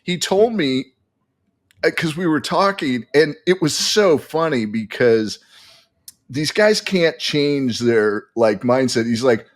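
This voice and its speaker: Man, podcast guest, animated storytelling, mid pitch, lots of restarts. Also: slow pace. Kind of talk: casual podcast chat.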